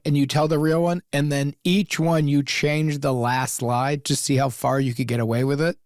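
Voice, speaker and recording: Male co-host, upbeat comic riffer, fairly high voice, dry close studio sound. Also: moderate pace, few pauses, no echo. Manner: animated, acts out little scenes, laughs often. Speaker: podcast co-host. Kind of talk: casual comedic advice chat.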